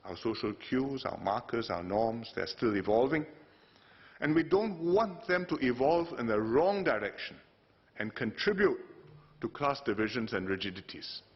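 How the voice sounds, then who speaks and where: A man from Singapore, addressing parliament in a formal speech, measured and delivered in short phrases with emphatic rises. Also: mid-range voice, expressive. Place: parliament chamber. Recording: dull broadcast audio.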